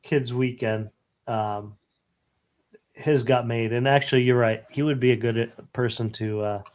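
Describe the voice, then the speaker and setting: A middle-aged man hosting a casual live stream, telling animated stories and acting out quotes. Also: mid-range voice, measured pace. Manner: animated storyteller, acts out quotes. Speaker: host.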